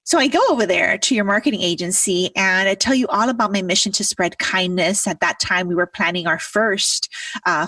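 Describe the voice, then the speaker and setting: A woman hosting a podcast, talking casually and warmly grateful as she retells a story with quoted dialogue. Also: lowish voice, dry recording, distant mic. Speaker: podcast host. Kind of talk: casual conversational interview.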